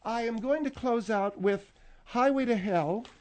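A man's voice: very high voice, unhurried, a little mellow, voice pushed up. Man putting on a feisty older lady singer. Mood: defensive. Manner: indignant, defensive, gushing. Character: feisty older woman, a former backup singer. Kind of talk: radio comedy sketch.

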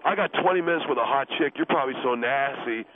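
A man's voice: mid-range voice, fast, close to an everyday voice. A man voicing a brash, crude, boastful guest who talks about himself as a love coach, stammering and defensive, over a phone line. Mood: taunting. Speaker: guest on a call-in show. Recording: muffled phone line with faint hiss.

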